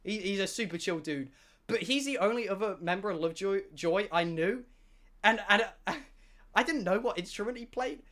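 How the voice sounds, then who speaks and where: A young British man on a livestream, telling a story in an excitable, self-mocking way, with plenty of swearing. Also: high voice, normal speed. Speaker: streamer. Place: home streaming room.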